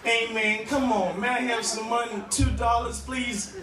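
A man's voice: very high voice, steady tone, measured pace, crowd noise, voice pushed up. A man doing a sheepish wheedling borrower. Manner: wheedling, evasive. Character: sheepish man begging for small money. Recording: echoey room, distant mic, noisy.

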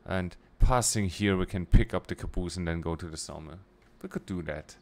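A man's voice: deep voice, moderate pace, a little mellow. A young man streaming a train game, thinking aloud in a casual, muttering way as he plans his jobs, with small restarts. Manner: muttering to himself while planning, with short restarts. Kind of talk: casual let's-play commentary.

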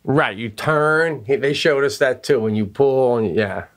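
Unhurried and mid-range in pitch, a middle-aged podcast co-host tells a story in casual conversation. He's an animated narrator who acts out the voices of the people he quotes.

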